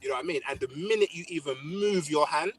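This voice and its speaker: A man's voice: a little high, quick pace, breathy edge, poor audio. A young man with a London accent chatting casually on a podcast, telling stories with lots of slang fillers. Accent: London English. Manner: animated storytelling, heavy slang fillers. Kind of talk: casual chat.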